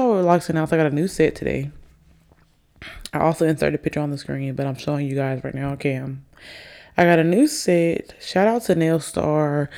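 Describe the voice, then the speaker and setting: Young woman, tipsy, mellow gravelly voice, rambling podcast host. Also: low voice. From Alabama, US. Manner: chatty, rambling, addresses listeners as y'all. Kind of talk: casual solo podcast chat. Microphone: desk microphone on camera.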